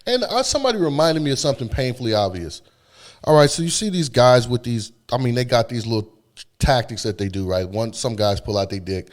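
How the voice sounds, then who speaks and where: Male co-host, mid-pitched, slangy and profane, easygoing chatter. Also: expressive, brisk. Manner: loose, slangy, profane, laughs easily. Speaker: podcast co-host. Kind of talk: casual chat.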